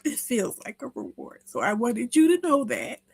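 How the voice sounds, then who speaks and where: A woman's voice: a little high, huge pitch swings, moderate pace, gravelly, darkish tone, husky, no room sound. A woman hosting an informal live chat with listeners, talking in a rambling, heartfelt way full of restarts. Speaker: host of a live audio chat room.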